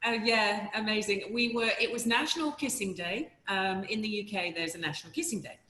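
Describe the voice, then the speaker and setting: A woman with a posh southern English RP accent telling lively stories as an interview guest, chatty and full of ums. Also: mid-range voice, a little fast, reverberant. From southern England. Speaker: voiceover artist, guest. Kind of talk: casual interview storytelling.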